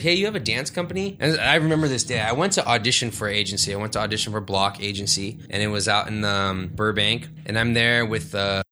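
Bright-voiced man, thirty, telling a story. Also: medium pitch, a little hiss or hum. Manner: animated, acts out quoted voices. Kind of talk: casual storytelling.

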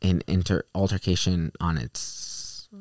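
A man's voice: low-pitched, steady tone, a little slow, darkish tone, no room sound, clean studio sound. A young man co-hosting a casual chat, telling a personal story candidly with many fillers and restarts.

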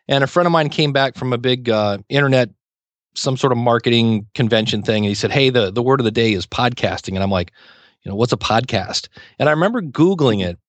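A man's voice: a little high, no echo. Chatty man telling podcast stories. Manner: chatty storyteller, acts out quoted exchanges. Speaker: podcast guest, podcasting teacher. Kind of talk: casual interview talk.

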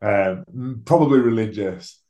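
A man's voice: fairly low pitch, a little slow, mellow, dull audio. Frank man, roomy sound. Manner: frank, swears freely, self-deprecating humour. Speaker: guest, rugby league player. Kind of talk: candid conversational storytelling. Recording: roomy echo.

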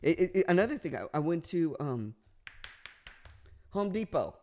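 A man from California, a podcast guest telling comic stories in casual chat, animated, with frequent restarts and acted-out voices. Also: on the high side, normal speed.

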